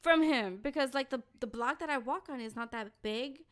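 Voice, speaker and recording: A young woman co-hosting a podcast, telling a story in a blunt, animated, profane way. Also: high voice, fairly quick. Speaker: podcast co-host. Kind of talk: casual podcast chat.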